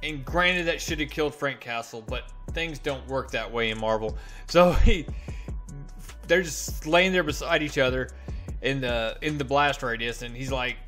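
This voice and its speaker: A man reviewing comics in a casual vlog, retelling the story with animated delivery and frequent restarts. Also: mid-range voice, moderate pace, soft background music.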